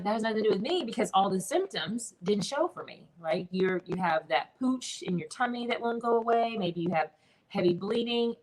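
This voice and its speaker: A middle-aged woman, a business mentor, telling her personal story in an interview in an earnest, animated way. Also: on the low side, low-quality recording.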